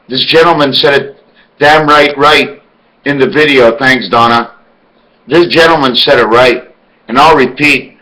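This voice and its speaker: A man's voice: medium pitch, bright, forceful tone, poor audio. A man delivering an emphatic, rambling monologue full of rhetorical questions. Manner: spells words out letter by letter. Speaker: video blogger.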